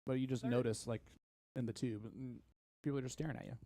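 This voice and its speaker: Brief: quick, chatty Midwestern male darts commentator, dark dry voice. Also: mid-range voice, fairly even intonation, no echo. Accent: Midwestern American. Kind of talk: casual sports commentary.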